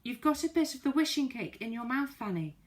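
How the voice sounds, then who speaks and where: A woman voicing an excitable male elf who shouts shrill, frantic warnings in a storybook reading. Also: fairly quick. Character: excitable male Faraway Tree elf, panicky.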